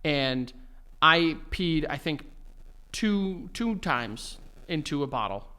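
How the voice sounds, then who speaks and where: A young man, talking casually on a podcast with a voice pitched a little high. He tells crude stories with animated energy. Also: takes it slowly, clear, resonant tone. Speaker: podcast co-host. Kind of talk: casual chat.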